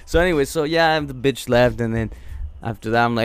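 A man telling a crude story in casual chat, rambling and profane, loudly acting out what people said. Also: medium pitch, brisk, smooth, no echo. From Zacatecas, Mexico family roots. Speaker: podcast co-host.

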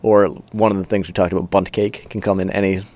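A man co-hosting a podcast, talking casually and telling animated stories. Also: low voice, fast talker. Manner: chatty, animated storyteller. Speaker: podcast co-host. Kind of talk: casual chat.

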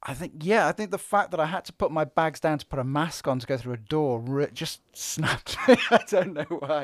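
A man on a podcast, telling stories in a lively way and acting out what people said. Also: a little high, fairly quick, few pauses, dry recording, clean studio sound. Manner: animated storyteller, acts out quotes. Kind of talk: casual podcast chat. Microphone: studio podcast microphone.

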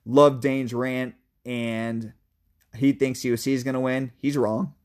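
A man's voice: mid-range voice, flat delivery, measured pace, darkish tone. A young man co-hosting a college football podcast, giving emphatic, opinionated analysis in a casual, sometimes profane way. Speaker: sports podcast co-host.

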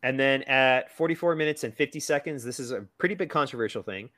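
A man's voice: mid-range voice, fast, bright, forceful tone, no echo. A man co-hosting a podcast, chatting casually about a movie with plenty of fillers and playful asides. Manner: chatty, lots of fillers, quotes characters in a silly voice. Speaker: podcast co-host.

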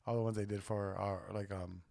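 A man's voice: on the low side, flat delivery, vocal fry, warm tone. A man, the guest, chatting casually and chiming in with short, agreeable replies. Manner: quick, agreeable, chimes in briefly. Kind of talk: casual chat.

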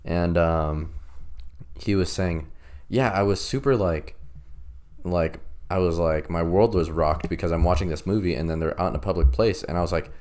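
Deep-voiced man chatting casually. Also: steady tone, moderate pace, a little mellow. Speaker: podcast co-host. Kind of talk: casual chat.

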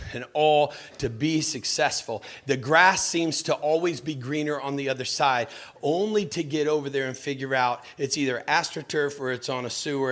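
A man's voice: mid-range voice, fairly bright tone. A man preaching a sermon as a pastor. He tells stories about himself, asks his listeners direct questions and jumps into mocking voices.

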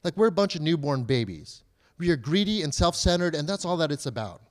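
Male pastor, thirties, slightly high voice, chatty sermon delivery with rhetorical questions. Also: sing-song, brisk. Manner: conversational preaching with rhetorical questions; acts out children's and believers' pleas in a higher voice.

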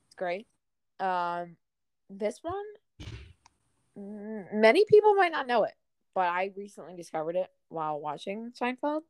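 A woman's voice: mid-range voice, unhurried, pauses often, no room sound. A young woman in casual chat, talking fondly about favorite lines with frequent "um"s. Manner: relaxed, fond, many "um"s.

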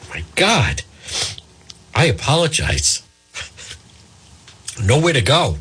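A man's voice: on the low side, slight background noise. A man hosting live talk radio while fighting hiccups, rambling and apologizing as he goes. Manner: apologetic, rambling, self-interrupting. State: has the hiccups. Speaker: radio talk show host.

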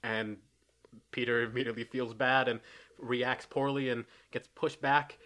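A man's voice: mid-range voice, fairly even intonation, unhurried, sharp tone. A man co-hosting a podcast, casually recapping a film in a laid-back, profane way and laughing often. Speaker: podcast co-host.

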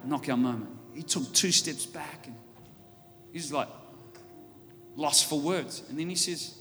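An Australian man preaching a sermon, telling stories and building up to loud, fervent preaching. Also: fairly high pitch, unhurried. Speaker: pastor. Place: church auditorium. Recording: church hall reverb with faint music.

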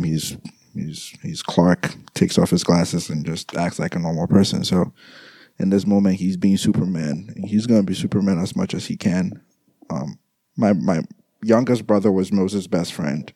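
A young man with a very low, mellow voice talks through his grief in a halting personal monologue. He stumbles and repeats his words and sounds like he is holding back tears. The sound is close and dry. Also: dry recording. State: grieving, trying not to cry. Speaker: grieving brother addressing listeners.

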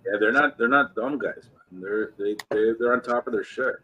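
A man from Canada co-hosting a podcast, earnest and soft-spoken in casual banter. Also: mid-range voice, moderate pace, husky, poor audio. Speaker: podcast co-host.

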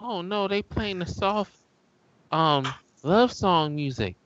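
A man's voice: high-pitched, expressive, slow pace, fairly bright tone. A man co-hosting a casual movie commentary chat, blunt, profane and scoffing, on slightly dull lo-fi audio. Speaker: podcast co-host.

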